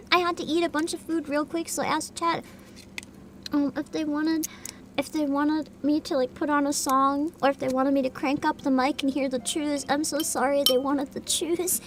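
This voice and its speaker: A woman livestreamer chatting casually with her viewers while she eats, laughing often and describing herself as loud. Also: sits high, little pitch movement, moderate pace, slight background noise. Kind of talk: casual chat while eating.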